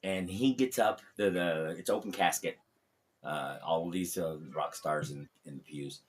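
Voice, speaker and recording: A man in his fifties, a comedian guest telling animated stories in casual podcast chat, with lots of fillers and restarts. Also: low voice, a little slow. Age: 50s. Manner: animated anecdotes, acts out quoted voices, frequent fillers and restarts.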